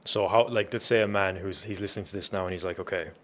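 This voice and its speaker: Very deep-voiced affirming man. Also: fairly even intonation, fast, slight background noise. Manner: soft-spoken, affirming listener. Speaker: podcast host. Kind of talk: conversational podcast interview.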